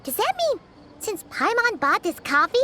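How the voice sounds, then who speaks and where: Paimon, a shrill chirpy fairy. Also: female voice, big pitch swings, moderate pace, pushed and bright, exaggerated voice. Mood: excited. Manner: shrill, teasing, speaks of herself in third person. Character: tiny chirpy female fairy companion, excitable. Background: game music.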